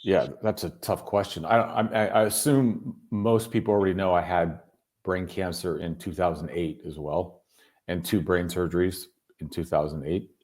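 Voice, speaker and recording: A man telling his story as a guest in a casual chat, animated and swearing freely. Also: deep voice, normal speed. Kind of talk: casual video call chat. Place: home in Berlin.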